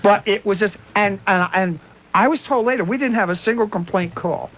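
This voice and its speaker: A man hosting a radio show, telling stories in a casual, animated way and slipping into voices, heard on a dull lo-fi broadcast recording. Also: high-pitched, normal speed, a little hiss or hum. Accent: Pittsburgh. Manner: animated, laughing, doing voices in quoted bits. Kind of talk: casual on-air storytelling. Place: radio studio.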